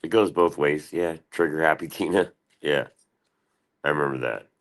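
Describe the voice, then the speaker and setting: Very deep-voiced man streaming. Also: steady tone, moderate pace. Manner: rambling, profane, answers chat. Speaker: livestream host. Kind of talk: casual livestream chat.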